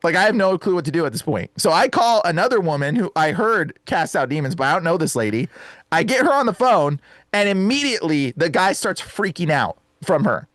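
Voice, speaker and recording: A man, a guest exorcist, telling an excited story in casual, slangy talk during an interview. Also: on the high side, fairly quick, dry recording. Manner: animated and casual, full of slang asides.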